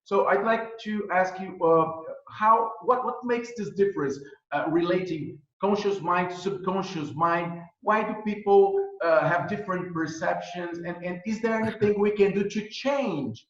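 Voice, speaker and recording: Host guy from brazil, portuguese first language, asking a question kinda hesitantly, high voice, echoey muffled room. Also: normal speed, hardly any pauses, a bit bright. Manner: hesitant, repeats words as he asks. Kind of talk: interview question. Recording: roomy, dull-sounding audio.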